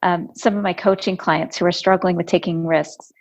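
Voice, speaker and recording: On a podcast interview, a life coach with a fairly low voice tells stories about her clients at a normal pace. She is conversational and grows animated when recounting conversations, though the audio is dull and lo-fi.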